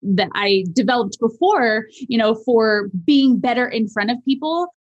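A woman guest on a podcast, talking casually and animatedly about voice and charisma, swooping high at times to demonstrate. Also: normal speed, lo-fi sound. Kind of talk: casual interview chat.

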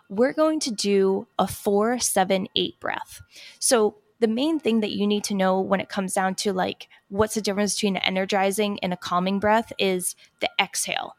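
Gravelly-voiced woman guiding breathing. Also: mid-range voice, no room sound, clean studio sound. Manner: calm slow counting, filler-heavy chatty speech. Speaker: hairstylist guiding breathing exercises. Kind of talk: casual podcast chat with guided breathing.

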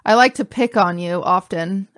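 A young woman hosting a casual podcast chat, telling her side of a story in an animated, indignant way. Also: fairly low pitch, normal speed, no echo. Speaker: podcast host.

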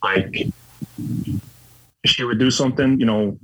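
A man's voice: mid-range voice, a little slow, a bit bright, dull audio. A middle-aged man telling his own story candidly, blunt and profane, with lots of fillers. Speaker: guest.

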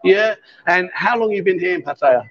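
A man's voice: high-pitched, normal speed, dull audio. A man in his fifties hosting a casual livestream from a busy bar, bantering and teasing his guests while holding a handheld microphone. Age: 50s. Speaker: livestream host. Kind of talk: casual chat.

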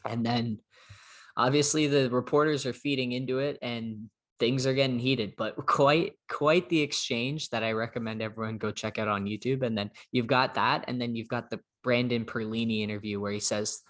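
Guy hosting a sports podcast, mid-pitched, chatty and upbeat. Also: steady tone, moderate pace, a bit bright. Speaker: podcast host. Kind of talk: casual sports chat.

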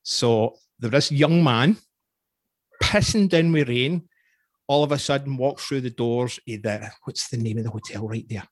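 A Scottish man in his forties hosts a podcast and drifts from one anecdote to the next, chuckling as he goes. His voice is husky and sits at an ordinary pitch. The sound is close and dry, with no room around it. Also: normal speed, no echo. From Scotland. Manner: rambling storyteller, chuckles often. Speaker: podcast host. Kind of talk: casual interview chat.

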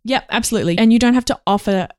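A woman's voice: a little high, racing, a little mellow, no echo. A woman hosting a casual talk show, chatty and frank as she gives advice. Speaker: podcast host. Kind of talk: casual chat. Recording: dry close-miked studio.

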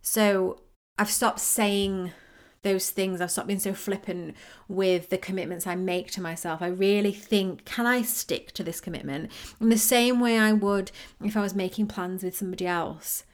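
Woman, podcast host, casual self-mocking ramble, mid pitch. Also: steady tone, normal speed, few pauses. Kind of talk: casual solo podcast talk on manifesting.

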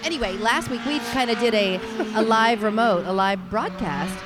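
Bubbly woman co-host, slightly high voice. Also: normal speed. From Quincy, Illinois. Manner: bubbly, enthusiastic. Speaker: co-host, TV personality. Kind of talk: casual chat. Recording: outdoor recording with clear background noise.

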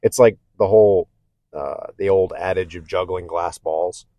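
A man's voice: low voice, fairly even intonation, measured pace, dark tone, dry recording, dull audio. A man hosting a casual self-help podcast monologue. He talks candidly and reflectively, with stammered restarts, and keeps checking in with "okay?". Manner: conversational, often checks in with "okay?". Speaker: podcast host.

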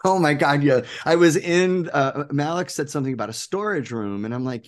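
Animated man telling stories. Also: fairly high pitch, fairly quick. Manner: animated, enthusiastic, acts out quoted people. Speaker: guest, producer and game maker. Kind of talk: casual interview storytelling.

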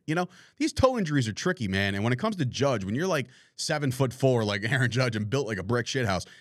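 Animated exasperated man ranting about sports. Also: medium pitch, no echo, studio quality. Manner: animated, exasperated, swears freely. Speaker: podcast host. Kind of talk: casual live-stream sports rant.

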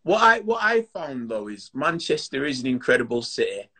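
Man, yorkshire accent, podcast host, upbeat and informal, mid-pitched voice, video call. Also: sing-song, normal speed, bright, forceful tone. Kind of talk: casual video-call interview.

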